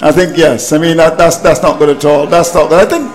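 A man's voice: on the high side, fairly even intonation, brisk, faint music behind, rough recording. A man commentating cricket on radio, exasperated at his team's collapse and repeating phrases for emphasis.

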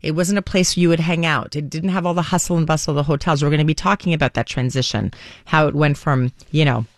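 A woman's voice: low-pitched, steady tone, fast, no room sound. A woman in her forties hosting a morning radio show, telling stories in a chatty, rambling way, recorded at a studio microphone. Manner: chatty, warm storytelling with many restarts and fillers. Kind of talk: casual talk radio monologue. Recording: dry studio sound.

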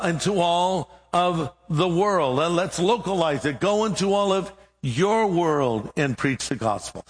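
A middle-aged male pastor delivers a sermon in a slightly high voice. He tells stories with playful, acted-out dialogue and dry humor. His voice carries a long reverb from a large hall.

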